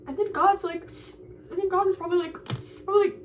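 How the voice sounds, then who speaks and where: A young college woman vents to the camera, tearful and frustrated, circling back over the same complaints. Her voice sits very high. She sounds a little distant from the mic, with faint noise behind her. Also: steady tone, fairly quick, long pauses. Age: young adult. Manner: frustrated, rambling, repeats herself. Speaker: college student vlogger. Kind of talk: venting to camera.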